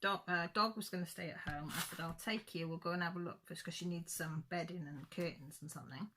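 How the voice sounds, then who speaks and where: A middle-aged woman, a crafting channel host, chatting casually and telling a rambling, animated story full of quoted dialogue. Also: fairly low pitch, fairly quick, noisy background.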